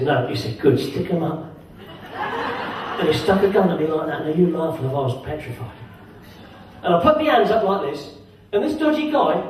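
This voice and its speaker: High-voiced magician on an echoey stage. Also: male voice, darkish tone. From England. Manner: chatty, jokey banter with audience. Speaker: magician and comedian. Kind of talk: stand-up comic storytelling on stage. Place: holiday village entertainment venue. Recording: very echoey hall, distant, crowd noise.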